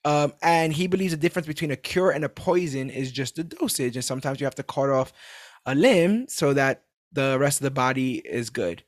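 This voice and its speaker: A man's voice: mid-range voice, fairly quick, no echo, clean studio sound. A man casually recapping a TV episode on a podcast, acting out the characters' lines and laughing as he goes. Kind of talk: casual chat.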